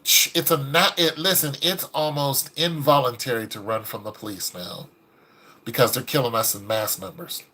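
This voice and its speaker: A man's voice: medium pitch, moderate pace. A man giving casual, preachy commentary, acting out the people in the stories he tells. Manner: animated, preachy, acts out quoted people. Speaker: video commentator.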